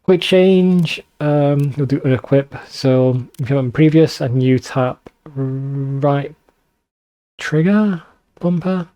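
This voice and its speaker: A man with a northern English accent talks through a game in a loose, joking way. His tone is mellow and warm, and he swears freely as he mocks what he sees on screen. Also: mid-range voice. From northern England. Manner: chatty, swears freely, mocking asides. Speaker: let's play host. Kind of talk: casual gameplay commentary.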